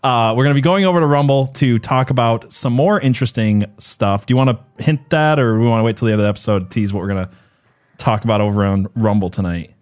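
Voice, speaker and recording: A man's voice: mid-range voice, quick pace, a little mellow. Chatty, jokey man hosting a podcast. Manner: jokey, chatty, laughs often. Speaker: podcast host. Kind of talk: casual podcast chat.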